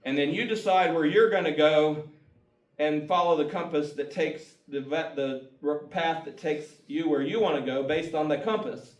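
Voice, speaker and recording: A folksy guest speaker gives a casual talk at a community meeting, often chuckling as he makes his points at a normal speed. His slightly high voice is picked up from a distance in an echoing room, with a muffled recording and soft guitar music behind him.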